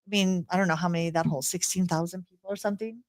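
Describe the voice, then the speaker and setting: A woman's voice: fairly low pitch, steady tone, racing, no room sound. A woman co-hosting a podcast in casual chat, talking in bursts with frequent laughs and restarts. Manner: chatty, laughs often, restarts sentences. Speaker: podcast co-host.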